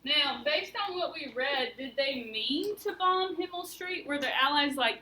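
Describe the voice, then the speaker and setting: A woman teacher walks her students through a lesson, asking questions and steering them toward answers. Her voice is high and bright. The mic sits at a distance in an echoey room with faint background noise. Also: a little slow, hardly any pauses. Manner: questioning, guiding students step by step. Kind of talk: classroom lesson. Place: classroom.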